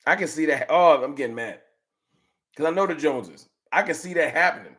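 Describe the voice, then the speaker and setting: Fan stream guy, slightly higher voice, slangy and animated, trash talking rivals. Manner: animated trash talk, slangy, drawn-out rants. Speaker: sports fan livestream host. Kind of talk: casual livestream chat reading super chats.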